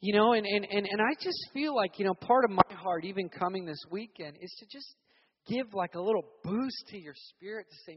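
A young man from Virginia preaching a sermon, telling stories animatedly and acting out loud shouted voices. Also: sits high, fairly quick, husky. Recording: reverberant hall, dull sound.

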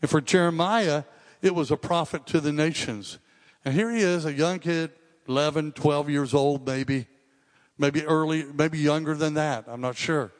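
A man's voice: a little high, moderate pace. A male pastor preaching a sermon in a conversational, earnest way, repeating and restarting phrases for emphasis. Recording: long reverb of a large hall.

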